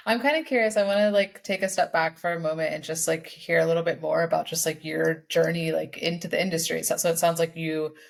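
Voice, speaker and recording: A woman's voice: low voice, steady tone, quick pace, gravelly, few pauses. A woman co-hosting a podcast, asking loose, filler-heavy questions and laughing often. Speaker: podcast co-host. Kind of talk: casual podcast interview.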